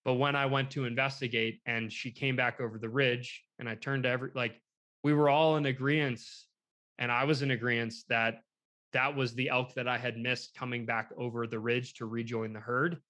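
A man's voice: medium pitch, moderate pace. A man talking through a hunting tale in a loose, rambling way, with lots of fillers and restarts. He slips into quoted voices of the people involved, and he sounds shaken as he tells it. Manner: rambling, animated retelling with quoted dialogue. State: shaken, emotional. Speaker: hunter telling a story. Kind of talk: casual storytelling.

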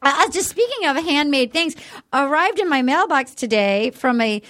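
This woman co-hosts a podcast in a casual, chatty way. Her voice sits high and swings widely up and down as she recaps and acts out what people said. She sounds like she is in her thirties. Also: normal speed. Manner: animated and chatty, acts out quotes from the show. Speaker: podcast co-host. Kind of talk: casual chat, recapping a dating show.

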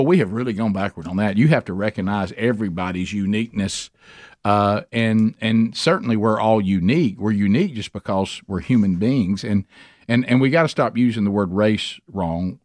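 A man's voice: fairly low pitch, no echo, clean studio sound. A middle-aged man hosting a radio talk show, talking emphatically with many restarts. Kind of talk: casual talk radio chat.

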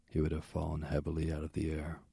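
Very deep gravelly man reading a story. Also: completely flat delivery, fast, dark tone, no room sound, studio quality. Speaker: narrator. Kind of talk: audiobook reading of a myth.

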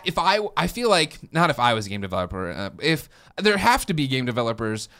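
A man in his thirties co-hosting a podcast, telling excitable, rambling stories full of restarts and swearing. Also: mid-range voice, clean tone. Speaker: podcast co-host. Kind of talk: casual podcast chat.

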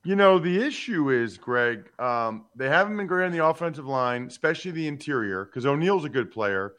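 A man's voice: medium pitch, expressive, moderate pace, fairly bright tone. A man hosting a casual sports talk, asking questions in a conversational way. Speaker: podcast host.

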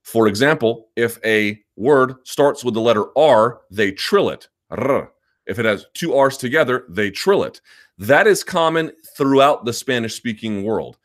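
A man's voice: medium pitch, animated, normal speed, fairly bright tone. A male host of a sports live chat, answering viewer comments in an emphatic, argumentative way and repeating his points.

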